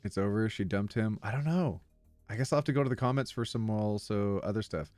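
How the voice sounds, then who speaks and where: A man's voice: lowish voice, brisk, a little mellow, dry recording, faint music behind. A man streaming live, reading online posts aloud in a casual, giggly way and stumbling over words as he reacts.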